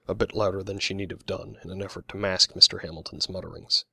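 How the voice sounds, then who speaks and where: A man narrating his own mystery novel as an audiobook, in a steady, plain storytelling manner. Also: low-pitched, a little fast, creaky, husky, no room sound, clean studio sound.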